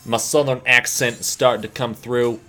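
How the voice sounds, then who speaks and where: Bright-voiced joking male esports caster. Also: mid-range voice, steady tone, normal speed. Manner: jokey, playful banter. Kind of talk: play-by-play commentary.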